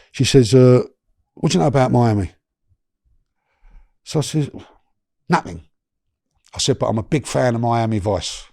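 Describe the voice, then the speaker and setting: A middle-aged man, telling a long personal story in a chatty, animated way as a podcast guest. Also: mid-range voice, dry recording, clean studio sound. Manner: animated, chatty, lots of restarts and slang.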